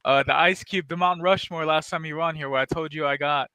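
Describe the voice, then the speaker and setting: A man hosts a casual podcast, trading loose, profane stories and laughing as he goes. His voice sits high and bright, smooth and crisp, recorded close and dry with no room around it. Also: steady tone, fast talker, no echo. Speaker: podcast host. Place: San Antonio area.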